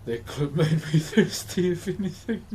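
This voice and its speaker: A man's voice: sits high, expressive, normal speed, warm tone, slight background noise. Laid-back man with a New Zealand accent. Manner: laid-back, laughs often, greets chat. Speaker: livestreamer. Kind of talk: casual stream chat while woodcarving.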